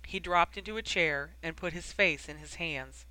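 A steady audiobook narrator with a bright, ringing voice and a smooth, crisp tone. The reading is dry and close, with no room sound. It carries the story at an even, measured pace. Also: medium pitch, no echo, low-quality recording. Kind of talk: scripted narration.

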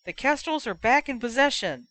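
A woman voicing a lively sports commentator calling the match. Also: high-pitched, normal speed, no echo, pitched above the performer's own voice. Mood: announcing. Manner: announcing, enthusiastic.

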